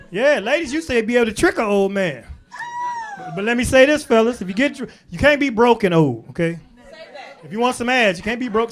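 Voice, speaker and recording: A man performing a stand-up comedy set in a club, working the crowd with loud bursts and low asides. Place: comedy club stage before a laughing crowd. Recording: live club recording with crowd laughter. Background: audience laughter.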